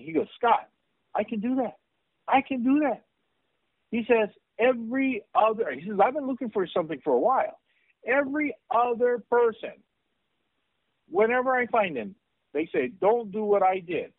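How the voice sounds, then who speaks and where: A middle-aged man giving an excited, repetitive sales training talk as a network marketing presenter. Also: high-pitched, no room sound, phone-quality sound.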